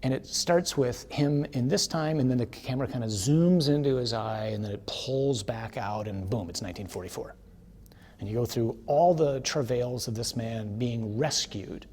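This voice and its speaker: A man giving a conversational teaching sermon, telling a story with casual tag questions and building to forceful emphasis. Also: mid-range voice, normal speed, breathy edge.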